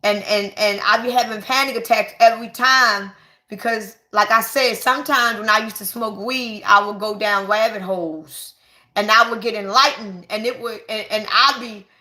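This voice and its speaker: A woman, giving an excited, emphatic spiritual monologue to her viewers and repeating herself for stress. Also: medium pitch, moderate pace. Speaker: spiritual vlogger. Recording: echoey room.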